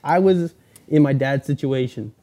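Rambling young man with a dark voice. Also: mid-range voice, normal speed, slight background noise. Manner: rambling storyteller, acts out quoted people in a raised voice. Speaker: podcast host. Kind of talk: casual chat.

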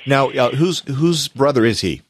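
A man hosting a faith show, asking questions and affirming his guest in a soft-spoken way. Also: medium pitch, lively intonation, moderate pace, husky, dry recording. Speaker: radio show host. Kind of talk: interview.

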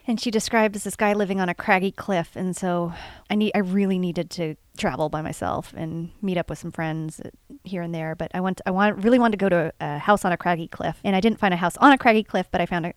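A woman's voice: medium pitch, dry recording. A woman co-hosting a casual chat, earnest and reflective, sharing personal memories and reading short facts aloud. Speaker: podcast co-host. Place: indoors, home setting.

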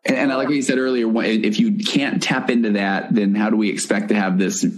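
A man hosts a podcast interview in a fairly low voice. He talks casually and haltingly, restarting and repeating words before he gets to the point. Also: steady tone. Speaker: podcast host.

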